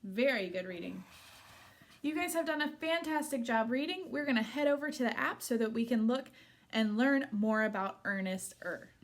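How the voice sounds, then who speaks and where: A woman's voice: a little high, expressive, normal speed. A young woman teaching a phonics lesson to small children, patiently sounding out letters and syllables and praising each attempt.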